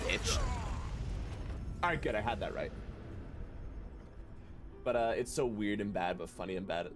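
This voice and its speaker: A man streams a video game, joking and chatting animatedly with his viewers while he plays. His mid-range voice runs a little fast but leaves long pauses, and there's background noise.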